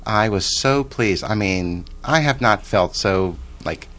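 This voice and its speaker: A man's voice: fairly low pitch, expressive, slow, fairly bright tone, faint music behind. A man in his forties telling a personal story in a chatty, rambling way, with restarts and side remarks. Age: 40s.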